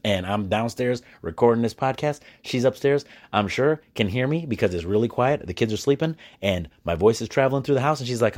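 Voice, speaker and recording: Guy doing his own podcast solo, chatty and animated, keeps restarting his sentences, recording at home in a quiet house at night. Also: medium pitch. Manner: chatty, animated, with frequent restarts and quick laughs. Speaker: podcast host. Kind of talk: casual solo podcast monologue.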